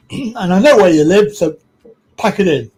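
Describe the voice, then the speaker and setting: British guy on a live stream, highish voice, blunt and sweary. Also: animated, unhurried, darkish tone, slightly rough, poor audio. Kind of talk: casual live chat.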